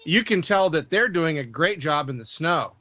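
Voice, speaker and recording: Man, high voice, emphatic, repeats words, dull lo-fi sound. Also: lively intonation, normal speed, pushed and bright, dry recording. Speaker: co-host presenting news. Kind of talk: casual live-stream chat. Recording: dull lo-fi dry mic.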